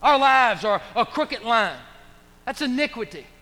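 A pastor delivers an emphatic sermon, his voice pitched high and bright. He preaches with a call-and-response feel, leaning into repeated phrases. The sound carries a long reverb from the church sanctuary. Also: lively intonation, a little slow.

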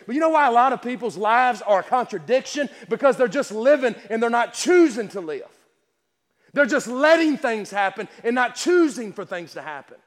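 High-voiced man preaching in an echoey hall. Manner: emphatic, repetitive rhetorical questions; stammering restarts. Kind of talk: sermon. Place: church service.

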